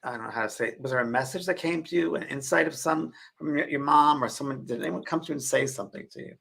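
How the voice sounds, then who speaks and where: An older man hosting a casual talk show, telling stories in an animated way. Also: on the high side, gravelly, slightly rough. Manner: storytelling, animated, quick. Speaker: host. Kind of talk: casual conversation.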